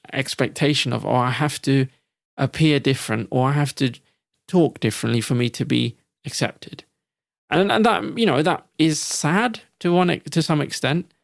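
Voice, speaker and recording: A man's voice: medium pitch, vocal fry, no room sound, clean studio sound. A man co-hosting a podcast, talking in a reflective, hesitant way with frequent restarts. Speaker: podcast co-host. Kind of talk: casual podcast discussion.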